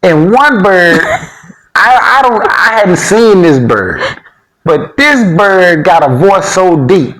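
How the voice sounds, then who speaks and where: A man's voice: sits high, sing-song, slow pace, fairly bright tone, poor audio. A man from Alabama with a Southern accent, chatting casually on a video about life abroad. He tells stories in a laid-back, slangy way, full of chuckling asides. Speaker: vlog co-host. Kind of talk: casual chat.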